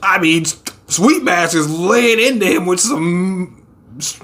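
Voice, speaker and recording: A man casually reacting to a manga chapter, swearing freely and hamming up the characters' lines in quick put-on voices. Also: high-pitched, lively intonation, pushed and bright.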